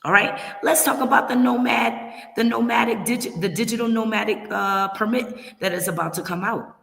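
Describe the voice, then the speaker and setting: A woman's voice: medium pitch, vocal fry, a bit bright. A woman hosting a livestream of relocation advice, warning viewers in an emphatic, straight-talking way and repeating her points. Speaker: relocation services host. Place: her home in Kenya. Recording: roomy echo.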